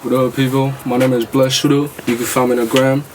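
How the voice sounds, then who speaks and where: Laid-back man, flat tone. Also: mid-range voice, quick pace, music in the background, rough recording. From London. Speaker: photographer and videographer. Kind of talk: casual introduction.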